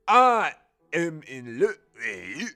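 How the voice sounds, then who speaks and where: A goofy young robot lover with a put-on British accent, a man voicing him. He talks crudely and sounds bright and raised in pitch. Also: wildly swooping pitch, slow pace, faint music behind, heavily acted. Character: dopey young British male robot boyfriend.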